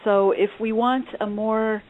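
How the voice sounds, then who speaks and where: A woman's voice: on the high side, fairly even intonation. A female radio show co-host speaking sarcastically, often stumbling and restarting her sentences. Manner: sarcastic, halting with repeated restarts. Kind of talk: opinionated call-in talk. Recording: tinny phone-line audio.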